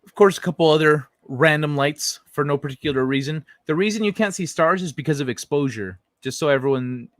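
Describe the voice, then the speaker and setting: A man's voice: a little high, a little fast, few pauses, no room sound. Profane, rambling male livestream host. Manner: loose, profane, rambling with many restarts. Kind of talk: casual chat reading viewer messages.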